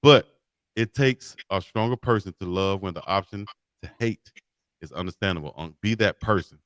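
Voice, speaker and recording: A man with a low voice co-hosts a laid-back live sports talk show. He reads out chat questions and sponsor plugs in an easy, hyped-up way. The sound is dry and close. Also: normal speed, fairly bright tone, no echo. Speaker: co-host.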